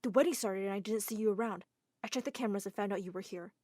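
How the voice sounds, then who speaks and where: A nervous young assistant, voiced by a woman in an animated story, polite and loyal. He speaks softly and deferentially, sounding careful and low-key. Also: very fast, no room sound, studio quality, lightly acted. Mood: hushed. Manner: hushed, deferential, keeps saying ma'am.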